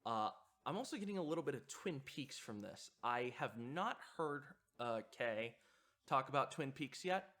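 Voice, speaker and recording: A man's voice: medium pitch, lively intonation, moderate pace, fairly bright tone. A man hosting a video essay, giving reflective commentary in a hesitant way with frequent fillers and restarts. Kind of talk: reflective commentary on horror sound design.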